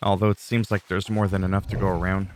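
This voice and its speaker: A man's voice: deep voice, flat delivery, quick pace, a little mellow, slight background noise. A man giving casual, rambling gameplay commentary with dry sarcastic asides.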